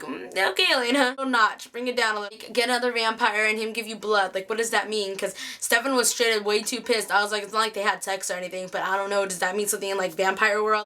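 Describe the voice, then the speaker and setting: Young woman, casual recap vlogger, excitable, bright tone, higher pitch. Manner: chatty, excitable, acts out quotes.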